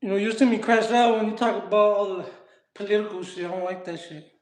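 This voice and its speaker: High-voiced slangy guy streaming a workout. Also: steady tone, quick pace. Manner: streetwise slang, talks back to chat. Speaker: streamer working out live. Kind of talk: casual live-stream chat while exercising. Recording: echoey room.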